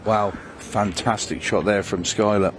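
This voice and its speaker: Man, low voice, sports co-commentary, short laid-back remarks, noisy booth. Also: steady tone, unhurried. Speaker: co-commentator, former player.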